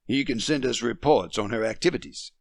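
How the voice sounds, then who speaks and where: A man's voice: medium pitch, fairly quick, vocal fry, dry recording, clean studio sound, lightly acted. A man doing a stern, domineering husband past fifty. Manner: stern, huffing, commanding. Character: domineering French husband past fifty, stubborn head of family.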